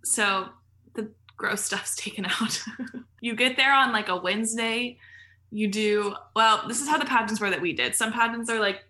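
A woman speaks in a slightly high, bright voice as a podcast guest. She tells stories in loose, casual chat, dotting her sentences with fillers and breaking into laughs. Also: normal speed. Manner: chatty, filler-heavy storytelling with frequent laughs.

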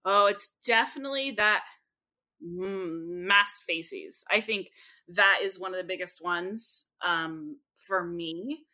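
A young adult woman, a speech therapist, telling stories in an animated, expressive way as a podcast guest. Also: fairly low pitch, slow pace. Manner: animated, expressive, jumps into quoted voices. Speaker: speech-language pathologist guest. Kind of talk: lively storytelling in a podcast interview.

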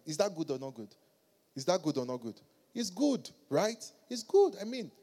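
A male pastor with a high voice delivers an animated sermon. He swings between quiet asides and loud, ringing exclamations, acting out the voices in his stories. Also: fairly quick. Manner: animated preaching, acted quotes, rises to loud exclamations.

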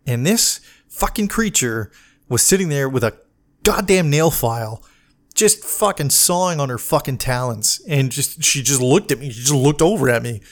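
A man's voice: mid-range voice, lively intonation, normal speed. A man ranting in a casual podcast monologue, swearing freely and exasperated, sometimes mocking other people in put-on voices. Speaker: podcast host, medic.

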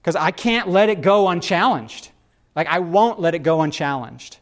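A man hosting a casual faith discussion, talking in an animated, rambling way with frequent restarts. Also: fairly high pitch, normal speed.

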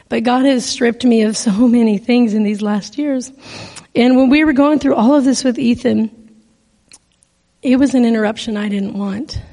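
A woman's voice: on the high side, mellow. Woman preacher in a reverberant church hall. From American Northwest. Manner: storytelling, conversational, emotional. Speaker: guest speaker. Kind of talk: sermon.

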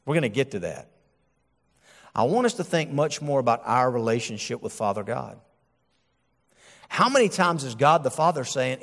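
A male pastor preaching a sermon, animated and acting out the voices he quotes. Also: mid-range voice, normal speed, long pauses, long reverb tail.

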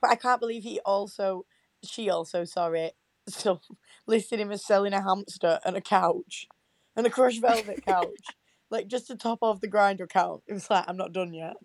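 A woman's voice: medium pitch, normal speed, no echo. A young woman co-hosting a casual podcast, chatty and sweary, often laughing. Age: young adult. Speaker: podcast co-host.

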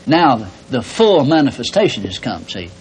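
A man's voice: medium pitch, very animated, moderate pace, a little hiss or hum, low-quality recording. A man preaching a sermon, telling personal stories in a folksy way and often tagging on "see". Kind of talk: sermon teaching.

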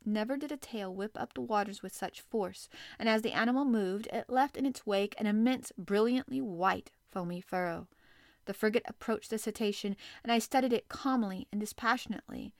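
A woman reads a novel aloud as an audiobook narrator. Her voice sits at a middle pitch, and her reading is steady and expressive. The sound is dry and close to the mic. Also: moderate pace, no echo.

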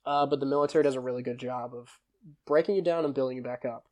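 A man's voice: mid-range voice, quick pace. A young man talks casually as a podcast guest, telling stories in an easygoing way. His voice sits in the middle of the male range. He drifts through fillers and self-corrections as he talks. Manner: lively storyteller who laughs and acts out quoted lines. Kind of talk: conversational storytelling.

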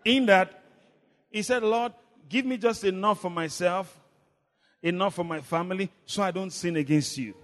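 A man preaching a sermon, leading the congregation in call and response, swinging between shouts and low murmurs. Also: normal speed, big-room sound. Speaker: pastor.

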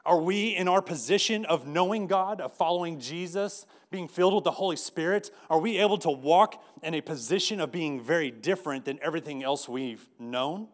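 A man's voice: on the high side, moderate pace, hardly any pauses. Man preaching a conversational sermon. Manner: conversational preaching with many restarts and repeated words. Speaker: pastor.

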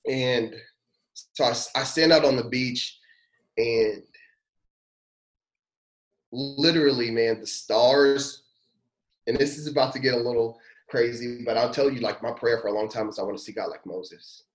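A man's voice: medium pitch, fairly even intonation, unhurried, pauses often. A man, a pastor and podcast guest, tells a personal testimony in an earnest, heartfelt and casual way. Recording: roomy echo.

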